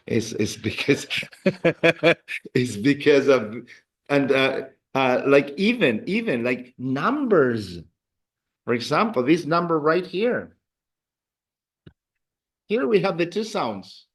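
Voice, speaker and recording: A man teaching a Spanish class to adult students in a classroom. He explains with halting repeated words and teases his students in a playful way. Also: mid-range voice, lively intonation. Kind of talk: classroom language lesson.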